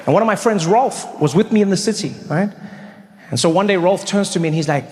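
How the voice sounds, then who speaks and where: A man doing stand-up storytelling, animated and acting out every character. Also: sits high, fairly quick. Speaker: stand-up comedian.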